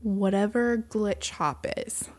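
A woman's voice: mid-range voice, slow, dry recording. A young woman co-hosting a podcast, telling dating stories in casual chat and acting out both sides of the dialogue. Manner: animated, acts out dialogue with lots of "like". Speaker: podcast co-host.

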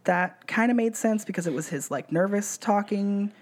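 A woman's voice: medium pitch, normal speed, a little mellow. A woman co-hosting a casual podcast chat, opinionated and playful. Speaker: podcast co-host.

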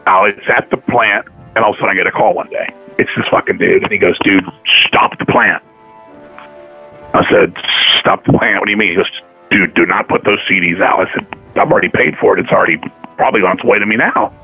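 A man telling stories in a casual chat, profane and animated, acting out the dialogue of the people he quotes. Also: sits low, quick pace, gravelly, husky, faint music behind. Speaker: podcast guest, metal musician. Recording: tinny phone-line audio.

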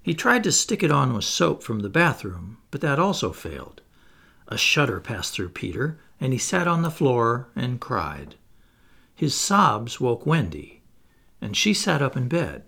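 A man narrating a children's storybook aloud in an expressive, playful way with asides to the listener. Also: mid-range voice, measured pace, vocal fry, husky. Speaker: audiobook reader.

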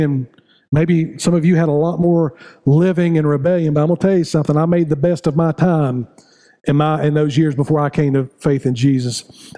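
A man's voice: a little high, warm tone. A middle-aged man preaching a sermon as pastor, building to raised, repetitive appeals to his congregation. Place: church sanctuary.

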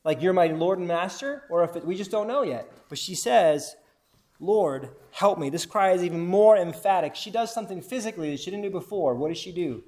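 His voice is high, expressive, a little mellow, and fairly quick as he teaches a Bible lesson to a group. Between scripture readings he asks the listeners questions, then says their answers back to them.

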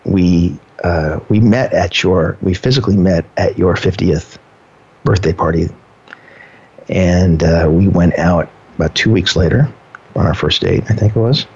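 Husky, low-voiced man, lo-fi. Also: darkish tone. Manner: earnest, measured storyteller with fillers. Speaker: partner in a couple being interviewed. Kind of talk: casual conversation. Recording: dull lo-fi sound.

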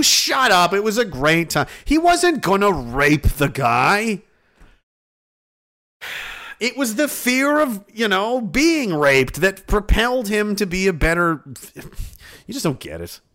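A male streamer talking casually in a lively, swooping voice that sits a little high. He rambles, swears freely and laughs often. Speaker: streamer reading chat. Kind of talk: casual chat.

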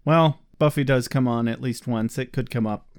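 At a normal pace and mid-range pitch, a podcast co-host casually runs through an episode. He's sardonic, swears freely, and reads quotes out loud.

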